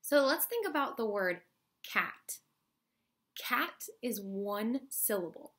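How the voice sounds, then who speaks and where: A woman teaching a first grade phonics lesson in a slow, clear teaching voice, clapping out syllables. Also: a little high, big pitch swings, a bit bright.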